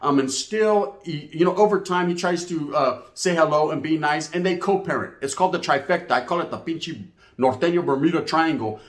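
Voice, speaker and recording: A man telling street stories in a slang-heavy, profane, animated monologue. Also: on the high side. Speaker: storyteller host. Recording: echoey room.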